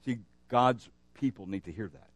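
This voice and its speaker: A man's voice: medium pitch, moderate pace. A man preaching from the pulpit, his mid-range voice swelling on key lines and then dropping into an easy, chatty storytelling tone. The sound is dry and close, with almost no room echo. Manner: animated preaching with rising emphasis and storytelling asides. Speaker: pastor. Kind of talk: sermon.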